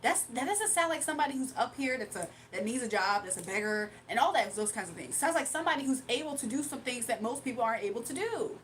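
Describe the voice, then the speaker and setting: A woman's voice: on the high side, animated, fast, hardly any pauses, a little hiss or hum, rough recording. A woman hosting a livestream with a faint foreign accent, talking back to her chat in a sassy, casual way. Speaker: livestream host.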